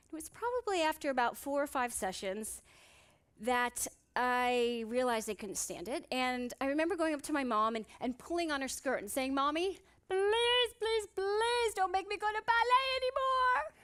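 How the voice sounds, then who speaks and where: A woman psychiatrist giving a motivational conference talk on stage, telling humorous stories and asking the audience rhetorical questions. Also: fairly high pitch.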